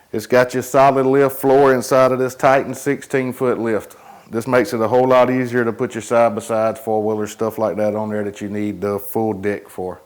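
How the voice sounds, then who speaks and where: A trailer salesman walks viewers around and inside a cargo trailer in a casual product tour, listing its features in an easygoing, matter-of-fact way. His mid-range voice is clear with a resonant tone.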